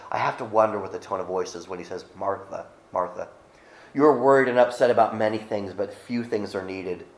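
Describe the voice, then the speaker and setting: A man's voice: fairly low pitch, echoey room, poor audio. A middle-aged male pastor giving a sermon, reading scripture aloud and speaking conversationally with frequent restarts.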